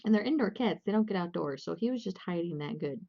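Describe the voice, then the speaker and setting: A woman's voice: lowish voice, lively intonation, fast talker, creaky, highs cut off. A young woman casually chatting and rambling with lots of fillers and restarts while hosting a crochet livestream.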